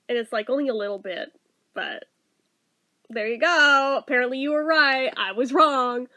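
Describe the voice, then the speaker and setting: Woman, thirties, high voice, casual vlogger who tells a rambling story with lots of swearing. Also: moderate pace, pushed and bright. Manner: chatty, exasperated, swears and laughs often.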